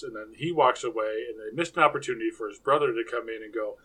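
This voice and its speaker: Podcast guest, a man with a bright, sharp voice and a dry, deadpan wit. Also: lowish voice, very fast, husky, poor audio. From Canada. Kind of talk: casual chat.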